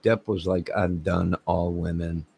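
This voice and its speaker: Channel host, male, low husky voice; slow, rambling comic storyteller who acts out quotes. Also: little pitch movement, warm tone. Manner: laughs at own jokes, acts out quotes. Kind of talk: rambling comic anecdote to camera.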